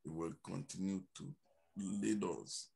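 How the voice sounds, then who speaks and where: A man's voice: sits low, a little slow, gravelly, darkish tone, slightly rough. A man pastor declaiming a prayer of blessing over a congregation.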